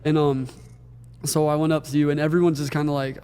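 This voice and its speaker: A man's voice: a little high, little pitch movement, fast, mellow, clean tone, long reverb tail. A man co-hosting a podcast, telling a rambling, emotional story in casual chat and laughing often. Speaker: podcast co-host. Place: wedding venue.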